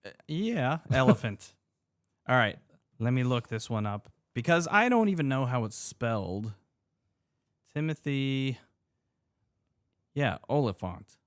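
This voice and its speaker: A man's voice: mid-range voice, very animated, takes it slowly, long pauses, no room sound, studio quality. A man hosting a podcast in casual chat, teasing his co-host and laughing often.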